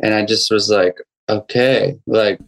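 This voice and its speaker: A young man, a guest musician, telling a personal story in a casual interview, halting with many restarts and fillers. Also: lowish voice, steady tone, low-quality recording.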